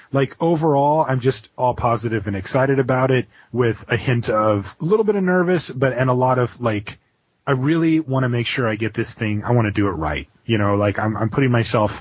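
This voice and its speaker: A man telling a story as a podcast interview guest, excited and rambling, with many restarts and fillers. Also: medium pitch, breathy edge, no echo. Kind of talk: casual interview. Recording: dull lo-fi podcast audio.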